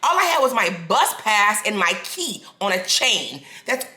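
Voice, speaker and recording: Woman, 40s, casual storytelling, lively, restarts sentences, echoey room. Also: mid-range voice, measured pace. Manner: animated, restarts sentences, acts out quoted people. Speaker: vlogger. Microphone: self-filmed camera.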